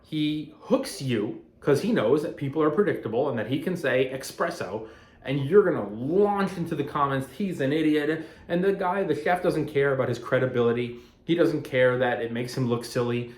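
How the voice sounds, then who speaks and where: A man's voice: mid-range voice, normal speed, darkish tone. Man vlogging in an echoey apartment. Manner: rambling and conversational, grows heated and emphatic. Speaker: finance content creator. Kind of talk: casual talking-head vlog. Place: apartment at home. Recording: roomy echo of a home room.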